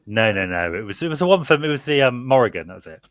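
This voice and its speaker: A man's voice: mid-range voice, sing-song, quick pace, a bit bright, no room sound. A man co-hosting a podcast, talking casually and animatedly, with many fillers and laughs. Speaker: podcast co-host. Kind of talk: casual chat.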